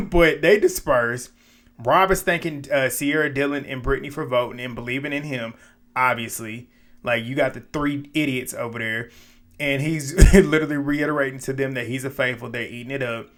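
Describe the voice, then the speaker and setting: A man with a slightly high voice talks through a reality show episode in a loose, conversational way. He acts out the lines he quotes and drops his own quoted reactions in between, keeping the retelling lively. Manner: animated, retells scenes with quoted asides and laughs. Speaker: recap commentator. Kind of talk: casual reality show recap.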